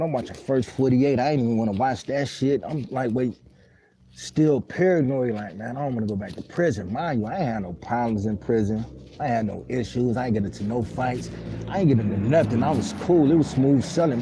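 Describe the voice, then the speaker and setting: A man's voice: medium pitch, dark tone, a little hiss or hum, low-quality recording. A man casually telling a story on a live stream, rambling in heavy street slang and cursing while he answers viewer comments. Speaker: livestream host.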